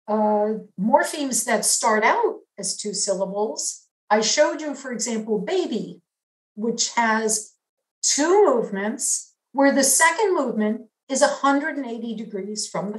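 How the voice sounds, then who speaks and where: Slow, measured woman lecturing in an echoey room. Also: on the high side, expressive. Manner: measured, explanatory, demonstrating signs. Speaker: linguistics lecturer. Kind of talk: academic lecture.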